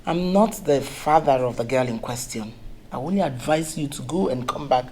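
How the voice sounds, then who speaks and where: A low-voiced Nigerian mother. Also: lively intonation, darkish tone, slight background noise, low-quality recording. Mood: composed. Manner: measured, stern when challenged. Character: wary, dignified middle-aged mother.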